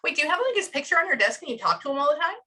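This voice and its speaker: A woman's voice: high-pitched, very animated, rapid-fire, pushed and bright, rough recording. A woman giving a medium reading to clients, talking in a rambling, emotional way with lots of fillers. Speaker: psychic medium.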